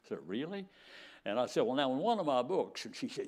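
A man's voice: mid-range voice, very animated, normal speed, creaky, darkish tone. An older man preacher telling folksy stories in a sermon, acting out the dialogue. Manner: folksy anecdotes with acted-out dialogue. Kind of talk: sermon storytelling.

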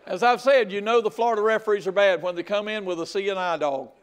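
Older man, high-pitched, folksy sermon, loud outbursts. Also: quick pace, clean tone. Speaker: pastor. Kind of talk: sermon with humorous story.

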